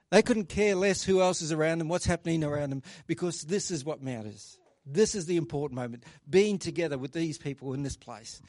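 A male pastor preaches to his congregation in a slightly high, conversational voice, reading scripture and praying between stories. He briefly acts out the voices of people he quotes. The recording is close and dry. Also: darkish tone, no echo. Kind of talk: sermon with scripture reading and prayer.

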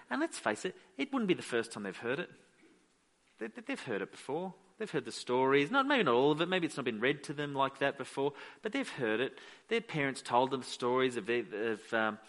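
A man's voice: mid-range voice, a bit bright. A man preaching a sermon as pastor, emphatic and repeating phrases for weight.

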